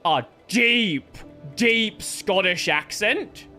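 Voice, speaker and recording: A man's voice: high-pitched, animated, extremely slow, pushed and bright, faint music behind. A man from Australia, rambling and swearing casually as he comments on his own gameplay. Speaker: gaming streamer.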